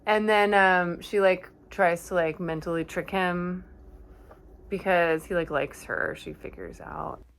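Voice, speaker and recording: A woman's voice: on the low side, fairly even intonation, measured pace, a little hiss or hum. A woman casually recapping a horror movie from memory, rambling and correcting herself with chatty asides.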